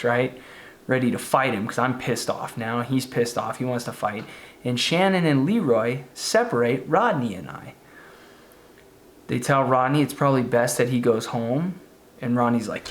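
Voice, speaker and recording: A man casually narrating a spooky true story, now and then acting out the voices of the people in it. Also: medium pitch. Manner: casual, conversational, acts out quoted voices.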